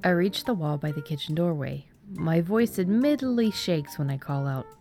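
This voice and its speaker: A woman reading a first-person short story aloud, soft and dipping into whispers. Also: deep voice, animated, normal speed, hardly any pauses. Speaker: narrator. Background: faint background music.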